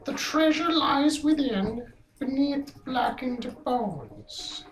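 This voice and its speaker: A woman voicing a solemn old female fortune-teller who reads cards in a slow, grave, portentous way. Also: sits high, lively intonation, echoey room, low-quality recording.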